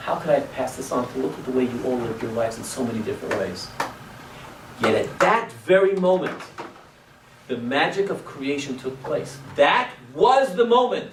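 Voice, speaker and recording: A male rabbi teaching a class as animated storytelling. He swings between loud exclamations and hushed asides and drops in Hebrew and Yiddish words. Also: mid-range voice, moderate pace. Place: synagogue classroom. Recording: echoey room, distant mic, faint noise.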